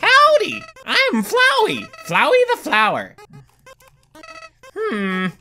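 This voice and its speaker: A man's voice: extremely high pitch, wildly swooping pitch, slow pace, bright, forceful tone, soft background music, voice pushed up, heavily acted. A man voicing a chipper, two-faced little male flower in a video game, with a folksy drawl that slides toward a Southern twang. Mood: chirpy. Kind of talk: let's-play character voice.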